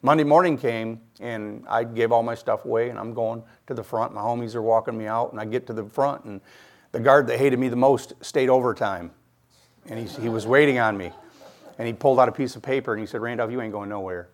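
A man's voice: mid-range voice, fairly quick. A middle-aged man from Michigan giving his personal faith testimony, telling it earnestly and acting out the voices of people he quotes.

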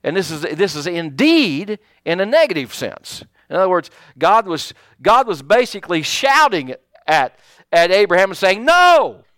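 Male pastor preaching, fairly high and very lively delivery, folksy with lots of fillers, dry close sound. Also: normal speed, no echo. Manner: folksy, animated preaching with many fillers and restarts. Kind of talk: sermon.

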